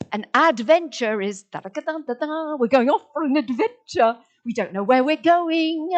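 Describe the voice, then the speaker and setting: Dramatic, playful woman lecturer. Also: on the high side. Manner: dramatic, playful, acts out inner voices, stretches words; asks the audience questions. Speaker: summer school lecturer. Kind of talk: expressive lecture on word meanings.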